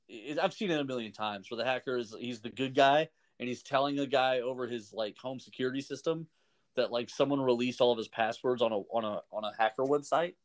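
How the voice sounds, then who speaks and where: A man's voice: medium pitch, a little fast. A man in casual podcast chat, telling stories animatedly, laughing often and acting out what people said. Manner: animated storyteller, laughs often, acts out quotes.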